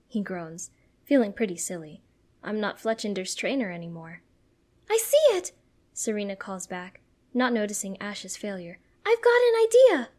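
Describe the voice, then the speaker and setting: Soft-spoken woman reading a fan story. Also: medium pitch. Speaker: story reader. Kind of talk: fan-fiction narration.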